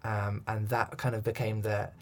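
A man's voice: lowish voice, level tone, moderate pace, a little hiss or hum. Guy explaining work in an interview, chatty, repeats himself. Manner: thoughtful, many restarts and ums. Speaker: accent coach. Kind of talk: podcast interview answers.

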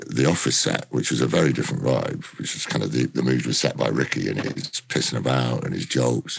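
A middle-aged man tells a rambling backstage story, swearing freely as he goes. His voice is extremely low, with a gravelly, husky edge. The recording is dry and close, with no room sound. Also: dry recording. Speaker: actor guest. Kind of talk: casual interview anecdote.

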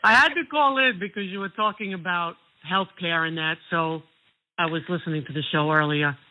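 A woman's voice: lowish voice, moderate pace, narrow, tinny audio. A woman from New York with a New York accent, calling in to a talk radio show and chatting in a friendly, easy way. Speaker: caller. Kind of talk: phone-in chat.

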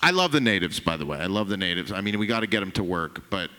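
A man's voice: sits low, big pitch swings, quick pace, sharp tone, big-room sound. A man doing a stand-up set, brash and profane, teasing people in the crowd. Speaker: stand-up comedian. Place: comedy club stage.

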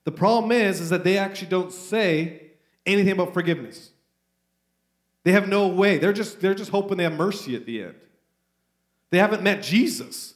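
A man with a Canadian accent preaching a sermon in a church, animated and conversational as he reads and retells scripture. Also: high-pitched, normal speed, pauses often. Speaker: pastor. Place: church sanctuary. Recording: roomy church echo.

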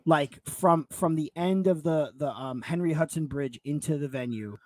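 A male podcast co-host with a voice on the high side tells a long, emotional story in casual chat at normal speed. He's excitable, swearing, repeating himself and tripping over words, with no echo in the recording.

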